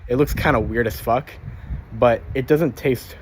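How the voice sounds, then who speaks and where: A man's voice: medium pitch, a little slow, slight background noise. Rambling young man, tired and swearing. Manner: rambling, casual, swears often. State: tired, a bit out of breath. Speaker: vlogger. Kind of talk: casual daily vlog.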